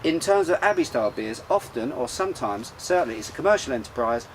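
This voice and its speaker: A man's voice: mid-range voice, lively intonation, fast, a little hiss or hum, poor audio. A man hosting a casual beer show outdoors, talking in a rambling, chatty way with lots of fillers and restarts. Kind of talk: casual chat about beer. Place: outdoors in sunshine.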